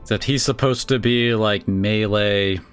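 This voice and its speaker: A man's voice: fairly low pitch, steady tone, a little slow, smooth, soft background music. A man streaming a video game, in casual let's-play commentary, thinking aloud and rambling with many "like"s.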